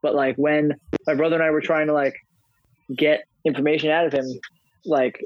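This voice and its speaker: A man co-hosting a casual podcast, telling animated stories and mimicking the people in them. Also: on the high side, brisk, no room sound, dull audio. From New York family. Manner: animated storyteller, mimics voices. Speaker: podcast co-host. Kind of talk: casual chat.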